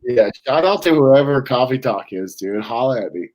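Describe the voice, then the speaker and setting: A man from Florida co-hosting a casual wrestling talk show, chatting in a relaxed, rambling way. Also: mid-range voice, normal speed, low-quality recording. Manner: laid-back, rambling, mimics voices in a hushed tone. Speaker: podcast co-host. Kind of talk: casual chat.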